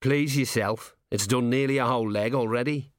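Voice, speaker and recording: A man's voice: medium pitch, moderate pace, dry recording, clean studio sound, lightly acted. A man doing Wee Mad Arthur, a cheeky tiny gnome. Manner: blunt, cheeky, slangy. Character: tiny scrappy male gnome rat-catcher.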